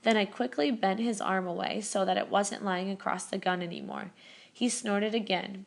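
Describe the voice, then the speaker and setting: A woman reading a novel aloud as first-person narration, steady, with small self-corrections. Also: mid-range voice, normal speed, creaky. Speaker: reader. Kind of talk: audiobook narration.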